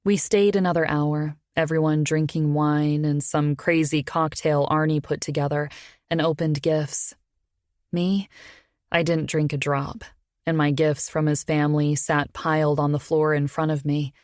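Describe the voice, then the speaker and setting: Low-voiced woman narrating a romance. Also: little pitch movement, unhurried, a little mellow, no room sound, clean studio sound. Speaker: audiobook narrator. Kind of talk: first-person romance narration.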